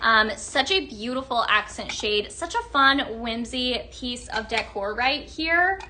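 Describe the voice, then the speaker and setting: A woman hosting a live shopping stream, gushing in an upbeat sales pitch to viewers she calls her friends. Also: lively intonation, measured pace, sharp tone, slight background noise.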